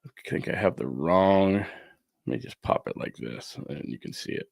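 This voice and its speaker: A man hosting a sports talk show from a studio, talking casually and ranting with animated indignation. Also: deep voice, moderate pace, vocal fry.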